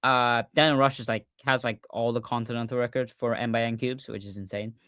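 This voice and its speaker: A man hosting a casual livestreamed podcast, talking excitedly and often restarting his sentences with fillers. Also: medium pitch, fairly quick, smooth, no room sound, studio quality. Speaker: podcast host.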